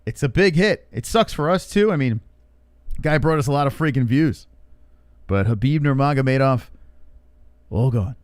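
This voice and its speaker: A man's voice: medium pitch, animated, normal speed. A man hosting a casual livestream podcast, joking and teasing with banter. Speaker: podcast host.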